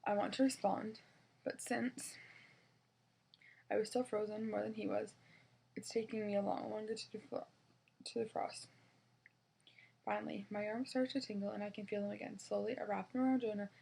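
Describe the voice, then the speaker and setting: Husky creaky woman reading a storybook. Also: mid-range voice, fairly even intonation, moderate pace, long pauses, warm tone. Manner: first-person narration with small slips and restarts. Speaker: reader. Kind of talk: reading a children's novel aloud.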